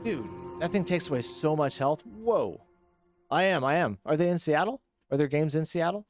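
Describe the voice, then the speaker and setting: A man streaming a game live, chatting with viewers and reacting excitedly as he plays. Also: a little high, a little fast, dry recording, clean studio sound, faint music behind. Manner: chatty, reads chat, excitable. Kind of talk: live gameplay commentary.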